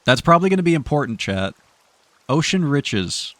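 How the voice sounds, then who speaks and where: A young man casually commenting on a game he is playing, chatty and quick to laugh, often stammering through restarts. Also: a little high, very animated, a bit bright, no echo. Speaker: streamer.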